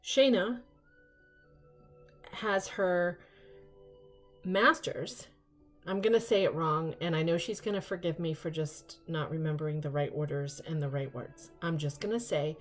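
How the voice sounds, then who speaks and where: Chatty, excitable older woman vlogger. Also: low voice, measured pace, long pauses, soft background music. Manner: chatty, excitable, rambling asides. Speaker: vlog host. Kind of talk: casual unboxing chat.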